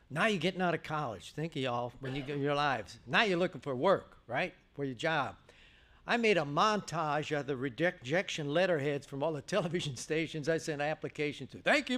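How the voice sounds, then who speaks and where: An older man giving a banquet speech, telling stories with lots of acted-out quotes, stammers and restarts. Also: on the high side. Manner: animated storytelling, acts out quotes. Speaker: guest speaker. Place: church banquet hall.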